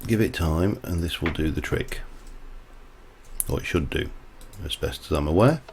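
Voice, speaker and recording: A man with a gravelly bass voice talks at a moderate pace, with slight background noise behind him. As a livestreamer giving casual gameplay commentary, he's chatty and rambles into side stories while he works.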